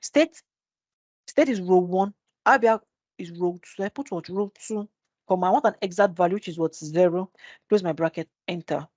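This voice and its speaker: A woman's voice: lowish voice, normal speed, a little mellow, no echo. A woman teaching a live spreadsheet tutorial, often posing "which is what?" questions and answering them herself. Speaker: Excel instructor. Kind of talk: live screen-share tutorial. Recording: dull dry webinar audio.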